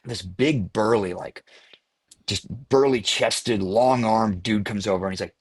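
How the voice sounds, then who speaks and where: Husky-voiced man telling a lively anecdote. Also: on the low side, unhurried, no echo. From US Midwest. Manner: animated storyteller who laughs at his own tale. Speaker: actor guest. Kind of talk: casual anecdotal storytelling.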